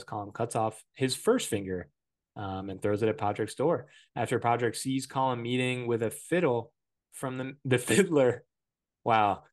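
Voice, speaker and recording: Joking, rambling man recapping a film. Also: medium pitch. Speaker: podcast host. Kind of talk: casual movie-review chat.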